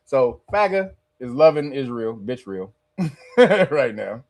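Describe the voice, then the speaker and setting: A man's voice: mid-range voice, big pitch swings, slow. A man hosting a casual reaction commentary, sarcastic and loose, often laughing between remarks. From Los Angeles. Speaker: commentary channel host.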